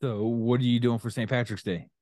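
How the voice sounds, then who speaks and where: A man's voice: mid-range voice, steady tone, a little fast, a little mellow, dry recording, clean studio sound. A middle-aged man co-hosting a casual father-and-son chat, laid-back and laughing often. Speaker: co-host, father.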